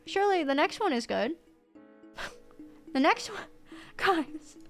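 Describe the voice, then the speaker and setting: A woman streamer in casual live-stream chat, excitable and swearing freely. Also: very high voice, slow pace, soft background music.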